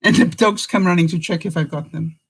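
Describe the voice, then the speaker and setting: A woman's voice: fairly low pitch, fairly quick, creaky, husky, low-quality recording. Chatty older woman vlogger, laughing often. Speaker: vlogger host. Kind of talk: casual live-stream chat.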